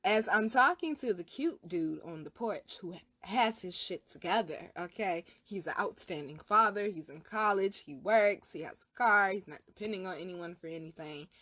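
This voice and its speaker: A woman's voice: lowish voice, normal speed, hardly any pauses, a bit bright. A young woman hosting her own channel, telling a personal story in a casual, emphatic, profane way. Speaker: vlog host, spiritual reader.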